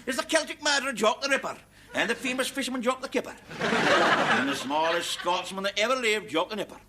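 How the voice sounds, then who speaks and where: An actor with a Scottish accent playing a boastful tourism presenter who delivers pun-filled patter in a hearty, declamatory way. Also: male voice, high-pitched, expressive, brisk. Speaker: comedy sketch actor. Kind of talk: scripted comic monologue. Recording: hissy TV recording, audience laughter.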